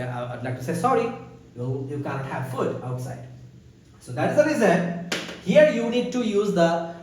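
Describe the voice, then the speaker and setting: Man teaching English in an echoey room. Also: high voice. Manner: repetitive, rising questions to the class. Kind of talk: classroom lesson. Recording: roomy echo, from far off.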